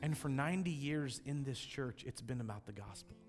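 A man's voice: mid-range voice, expressive, brisk. A man preaching as pastor and leading communion, earnest and emotional, often repeating words as he presses a point. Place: large church hall. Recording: church hall reverb with music.

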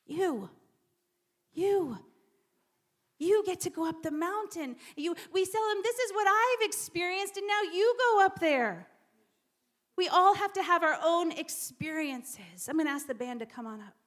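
High-voiced woman preaching a sermon. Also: expressive, unhurried. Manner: repeats words, drops to whispers for emphasis.

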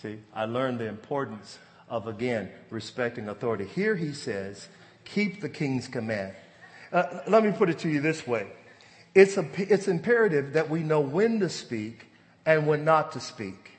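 A man in his forties preaching a sermon, telling stories and rising to loud, emphatic bursts. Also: mid-range voice, expressive, moderate pace. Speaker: pastor. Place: church sanctuary. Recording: long hall reverb.

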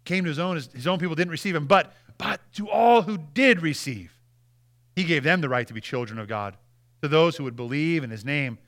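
A male pastor preaching a sermon, earnest, reading quoted passages aloud with emphasis and dropping to a hush at key lines. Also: a little high, quick pace. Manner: earnest, with repeated restarts and dramatic drops in volume.

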